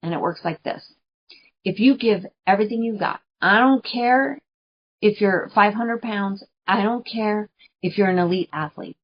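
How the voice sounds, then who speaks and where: A woman's voice: mid-range voice, measured pace. Chatty woman coaching, dull lo-fi sound. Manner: chatty and earnest, laughs often, repeats phrases for emphasis. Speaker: podcast host. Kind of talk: spiritual coaching monologue. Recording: dull lo-fi recording.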